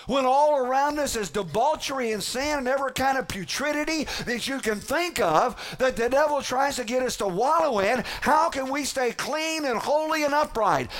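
A man delivering a sermon as a pastor, preaching emphatically with dramatic pauses and repetition. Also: extremely high pitch, fairly bright tone.

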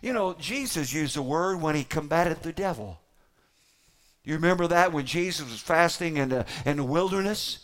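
A man with a notably high voice delivers a sermon to his congregation. He preaches emphatically, leaning on dramatic pauses and repeated phrases to drive each point home. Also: lively intonation, fairly bright tone. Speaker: pastor.

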